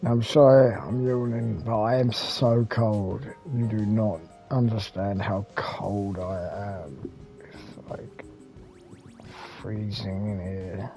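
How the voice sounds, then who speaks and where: An English man chats his way through retro games in a loose, unhurried ramble. His voice is dark and mellow with a gravelly edge, and it is full of fillers, restarts and mild swearing. Faint music plays behind him. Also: on the low side. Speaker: retro gaming channel host. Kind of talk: casual rambling gaming commentary.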